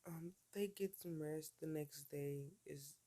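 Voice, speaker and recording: A man telling a story off the cuff, with a mellow, dark tone. He wanders, says "like" a lot and corrects himself as he goes. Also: on the high side, slow. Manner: rambling, full of "like" and self-corrections. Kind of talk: casual fan-fiction retelling.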